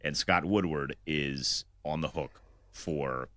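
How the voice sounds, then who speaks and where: A man with a very deep yet bright, forceful voice, talking brashly on a sports show. The sound is dry and close to the mic. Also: slow, no echo. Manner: brash, blunt. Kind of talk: casual sports chat.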